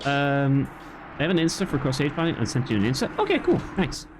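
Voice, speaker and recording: A man's voice: mid-range voice, brisk, noisy background. A young man with a light Irish accent, chatting casually as he streams a game and rambles in reply to his viewers. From Ireland. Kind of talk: casual gaming commentary.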